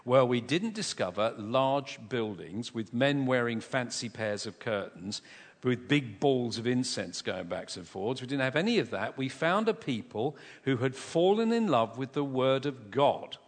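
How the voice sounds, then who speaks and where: A man preaching a sermon in a church, an animated and humorous storyteller who pokes fun at himself. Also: mid-range voice, normal speed. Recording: long reverb of a large church.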